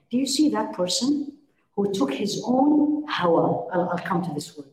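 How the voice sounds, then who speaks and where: A woman's voice: mid-range voice, animated, fairly quick, a little mellow. A middle-aged woman giving a lecture to a women's class, questioning her listeners and acting out little dialogues. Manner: engaging, questions the audience, acts out dialogues. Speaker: religious teacher. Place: room with a live audience. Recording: echoey room.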